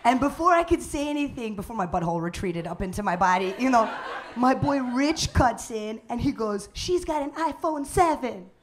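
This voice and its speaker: A woman hosting a live stand-up comedy show, loud and playful, working the crowd. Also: on the high side, lively intonation, a little fast, background noise.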